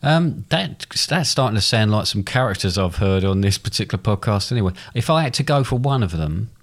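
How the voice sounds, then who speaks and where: A man's voice: lowish voice, expressive, a little fast. A man in his fifties with an Estuary English accent, chatting easily on a podcast with frequent restarts. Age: 50s. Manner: easygoing, hesitant with restarts. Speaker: podcast co-host. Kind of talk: casual chat.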